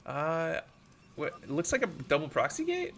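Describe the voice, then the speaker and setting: A man's voice: fairly high pitch, wildly swooping pitch, moderate pace, a little hiss or hum. A man casually commentating an esports match, often hesitant and stumbling on his words. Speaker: esports caster.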